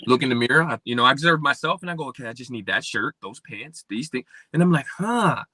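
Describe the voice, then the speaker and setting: A man from Pennsylvania, a podcast guest telling his life story and acting out remembered dialogue with big swings in pitch. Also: fast talker, bright, forceful tone, no echo. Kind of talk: personal storytelling in an interview.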